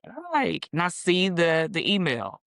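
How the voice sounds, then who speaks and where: A woman's voice: fairly low pitch, moderate pace, creaky, dry recording. A middle-aged woman, a guest teacher, telling her story in casual conversation and acting out the voices of the people she quotes. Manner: animated, acts out quoted voices.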